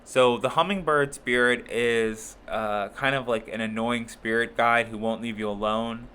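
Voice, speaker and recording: A man rambles through a casual tarot reading in a bright, forward voice at an ordinary pitch. He fills his talk with ums and laughs as he goes. Faint room ambience sits behind him. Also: fairly even intonation, unhurried, a little hiss or hum. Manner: chatty, rambling, laughs often, many fillers; playful put-on voices for zodiac signs. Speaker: tarot reader.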